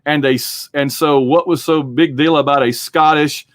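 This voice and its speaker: A man's voice: on the high side, steady tone, moderate pace, dry recording, studio quality. A man hosting a podcast, chatting casually and rambling through a movie discussion. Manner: rambling, chatty, acts out quotes. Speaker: podcast host.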